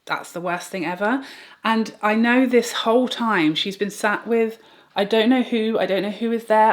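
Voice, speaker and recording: A woman vlogger telling a personal story in a get-ready-with-me video, in an earnest, chatty way full of "like". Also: medium pitch. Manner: chatty, earnest retelling with many "like"s.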